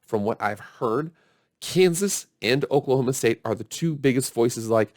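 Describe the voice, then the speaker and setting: A man hosts a football show in a mid-range, slightly mellow voice, animated and at a moderate pace. His commentary is casual, upbeat and chatty as he hypes up his viewers. The studio recording is clean, with no room sound.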